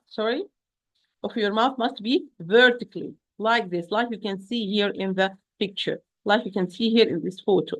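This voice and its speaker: A woman's voice: on the high side, a bit bright. Patient woman teaching recitation. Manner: patient, repeats and checks with "okay?"; demonstrates sounds slowly. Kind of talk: online lesson.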